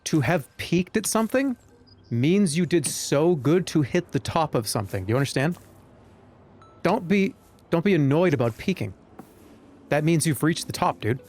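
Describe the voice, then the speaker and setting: A man's voice: fairly high pitch, very animated, moderate pace, long pauses, darkish tone. A man streaming a game live, chatting to viewers in a joking, rambling way. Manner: joking, rambling, talks to chat. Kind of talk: live-stream gameplay commentary.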